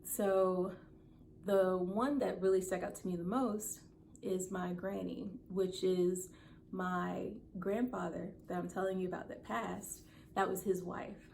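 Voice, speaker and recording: A woman's voice: fairly low pitch, little pitch movement, a little slow, gravelly, darkish tone, a little hiss or hum. A woman in her thirties, a content creator, telling a personal story to camera in a heartfelt, earnest way. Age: 30s.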